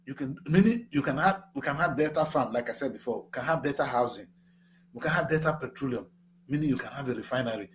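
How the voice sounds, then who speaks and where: A middle-aged man with a Nigerian accent giving passionate political commentary, repeating himself and rising to shouts. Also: medium pitch, animated, fast, slight background noise. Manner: fiery, repetitive, rising to shouts. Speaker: current affairs show host.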